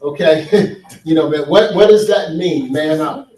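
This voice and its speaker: Man, slightly high voice, earnest storytelling talk, distant mic in an echoey hall. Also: measured pace, a little mellow. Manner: earnest, storytelling, asks the audience questions. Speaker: speaker. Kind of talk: conference talk on men's healing. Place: large hall with an audience.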